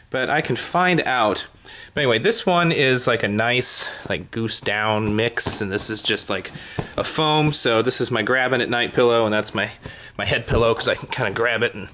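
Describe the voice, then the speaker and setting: A man's voice: mid-range voice, a bit bright. A young man vlogging at home, chatting in a rambling way with self-mocking asides. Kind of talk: casual home vlog. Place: inside a home.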